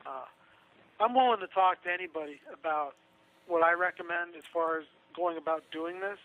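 A man's voice: fairly high pitch, moderate pace. A man talking casually on a radio show, chatty and sarcastic, laughing through his own asides. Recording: tinny phone line.

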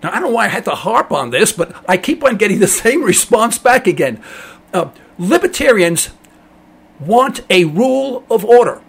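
Emphatic husky-voiced male radio host. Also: high voice, very animated, normal speed. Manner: emphatic, rambling, mocks callers in a dopey voice. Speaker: radio talk show host.

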